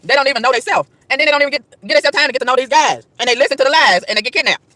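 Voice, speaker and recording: Woman vlogger, outdoor park rant; high, bright, rapid-fire, emphatic and repetitive preaching delivery. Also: no room sound. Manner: emphatic, repeats and stammers over words, rhetorical questions. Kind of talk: preachy street rant to camera.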